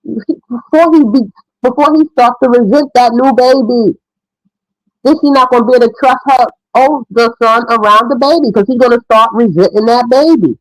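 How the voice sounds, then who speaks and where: A woman's voice: fairly high pitch, moderate pace, no room sound, poor audio. A middle-aged woman giving frank, opinionated casual commentary as a mother.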